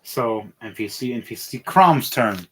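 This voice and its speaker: A man running a tabletop game as game master, narrating with animated, laughing energy. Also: mid-range voice, measured pace, husky.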